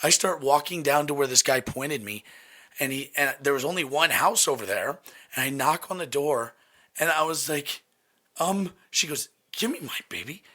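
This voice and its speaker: Bright, animated young man telling a story. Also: medium pitch, normal speed. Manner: animated, swears freely, laughs often. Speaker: podcast host. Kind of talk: casual storytelling chat.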